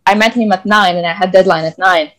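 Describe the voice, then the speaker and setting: Brief: young woman host, casual candid chat, mid-pitched voice, filler-heavy. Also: quick pace. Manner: candid, chatty, many fillers. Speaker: podcast host. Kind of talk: casual conversation.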